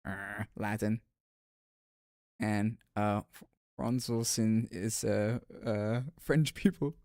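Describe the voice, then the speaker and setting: A man's voice: fairly low pitch, fairly even intonation, slow, a little mellow, no room sound, studio quality. A man streaming and chatting casually with viewers, rambling with frequent restarts and filler words. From United States.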